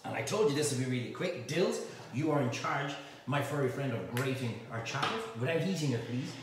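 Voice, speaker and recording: A man's voice: medium pitch, expressive, fairly quick. A man hosting a live cook-along, rambling and joking with slangy asides. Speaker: chef and cooking show host. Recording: echoey room, mic at a distance, faint noise.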